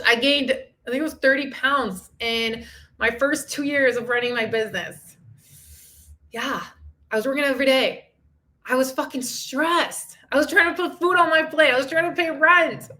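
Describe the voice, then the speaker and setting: A woman's voice: high voice, measured pace, bright, forceful tone. A woman in her thirties, a fitness and mindset coach, talking alone on a podcast in a candid, emotional and encouraging way. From outside the country she lives in. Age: 30s. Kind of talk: solo podcast talk.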